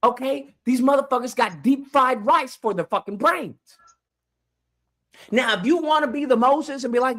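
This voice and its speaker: A man hosting a livestream call-in, shouting profane, angry rants at a caller. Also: very high voice, normal speed. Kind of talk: heated call-in debate.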